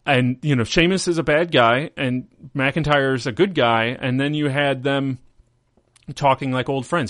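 A man's voice: medium pitch, steady tone, normal speed, fairly bright tone, no room sound, studio quality. A man hosting a casual wrestling podcast, rambling through a recap and acting out quotes in mocking voices. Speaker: podcast host.

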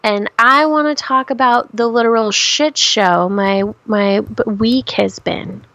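Young woman co-host, high voice with a gravelly fry, rambling and swearing. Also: measured pace, fairly bright tone, no echo. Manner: rambling, profane storytelling with many restarts. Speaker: podcast co-host. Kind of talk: casual chat.

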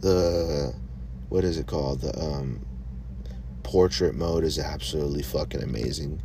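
A man's voice: rumbling low, measured pace, mellow, a little hiss or hum. A man hosting a podcast, rambling in a loose, profane, casual way. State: high. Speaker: podcast host.

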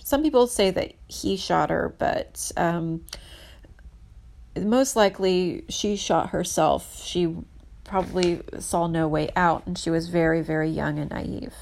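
A woman narrating history from her notes in a casual, earnest way, emphatic and halting with many restarts. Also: on the low side, creaky, a little mellow.

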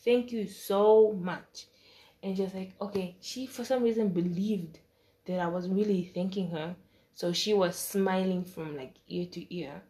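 A woman's voice: lowish voice, a little mellow. A young woman, a student, telling a storytime vlog in a casual, blunt way, slipping into the voices of the people she quotes. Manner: casual and blunt, with slang and swearing.

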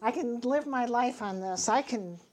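A middle-aged woman speaks in an earnest, emphatic church testimony style, her voice sitting a little high. She teaches from scripture and tells her story with conviction, acting out the dialogue. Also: unhurried, darkish tone, a little hiss or hum. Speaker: Bible teacher giving a testimony.

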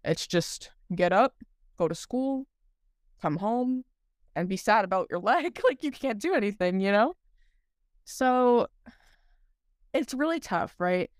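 On a podcast, a young woman co-host chats loosely through her story, animated yet slow, pausing often and dropping "like" into nearly every phrase while laughing a lot. Her smooth, clear voice sits at an ordinary middle pitch. The recording is dry and close, with no room sound or echo.

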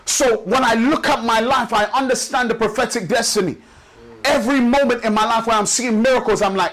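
Guy preaching, pretty high voice, repeats lines with a steady beat and slows down to hit the big points. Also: low-quality recording. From Nigeria. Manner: rhythmic preaching with repeated phrases, slows for emphasis. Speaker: pastor. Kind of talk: sermon. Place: church service.

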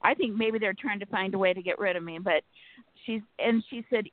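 A woman calling in to a talk show, telling her story in an earnest, frustrated way with many fillers and pauses. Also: medium pitch, no echo. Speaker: caller. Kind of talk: phone-in storytelling. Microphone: telephone. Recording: phone line.

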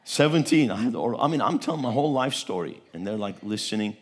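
A middle-aged man from Turkey preaching a sermon, telling a story with animated energy and acting out the people in it. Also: mid-range voice, fast talker, slightly rough. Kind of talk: testimony sermon.

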